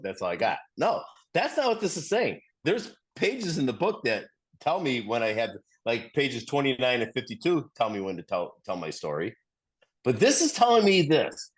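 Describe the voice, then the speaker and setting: A middle-aged man sharing earnestly in a recovery study group, often repeating himself and restarting sentences as he tells a story. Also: mid-range voice.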